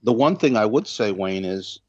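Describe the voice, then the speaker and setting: An older man in his sixties, a pastor speaking as a guest, tells stories at a measured pace and acts out the voices in them. His voice sits on the low side. The audio is dry and muffled, like a lo-fi call. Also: animated, darkish tone, husky, no echo. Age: 60s. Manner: measured storyteller who acts out dialogue. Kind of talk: storytelling in an interview.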